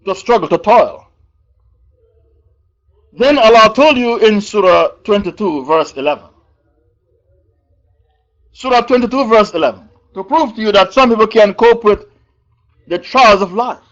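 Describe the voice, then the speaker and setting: A man with a fairly high voice teaches an evening religious lesson. He speaks slowly and deliberately, repeating verse numbers and key phrases and putting questions to his listeners. The recording is dull and lo-fi. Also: animated, a bit bright. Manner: slow and deliberate, asks the audience questions. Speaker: Islamic preacher teaching Quran commentary.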